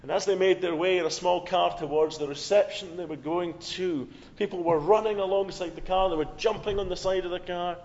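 High-voiced male preacher in a reverberant church. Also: fairly even intonation, a little fast, few pauses. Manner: storytelling with swings from loud to hushed. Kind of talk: sermon. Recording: long hall reverb, dull lo-fi sound.

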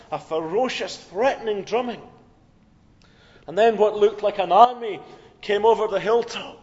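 High-voiced male preacher in a reverberant church. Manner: storytelling with swings from loud to hushed. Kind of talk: sermon. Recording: long hall reverb, dull lo-fi sound.

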